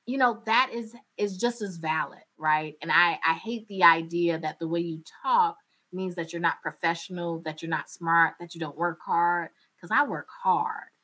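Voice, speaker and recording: A woman in her thirties from North Carolina, speaking with a North Carolina Southern accent. Her voice is bright and forward, and she talks candidly and with animation, laughing often as she answers interview questions. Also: lowish voice, moderate pace. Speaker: radio journalist. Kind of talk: interview conversation.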